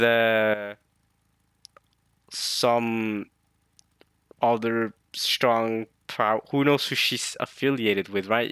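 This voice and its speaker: A man casually reading a manga chapter aloud and reacting to it, excited and thinking out loud. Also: mid-range voice, clean tone, no room sound, clean studio sound. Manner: excited, thinks aloud, reads lines in quick put-on voices.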